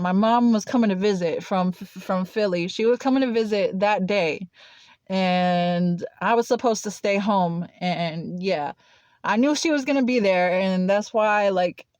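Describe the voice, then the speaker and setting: A woman's voice: medium pitch, a little mellow, dry recording. Rambling woman telling a story, dry sound. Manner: rambling, heavy use of "like" and restarts. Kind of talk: casual personal storytelling. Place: Nashville.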